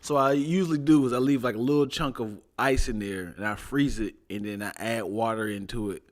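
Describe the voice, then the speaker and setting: A man with a Baltimore accent, co-hosting a casual talk show, joking and laughing often. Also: a little fast. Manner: playful, laughs often, lively pitch. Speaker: podcast co-host. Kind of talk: casual banter.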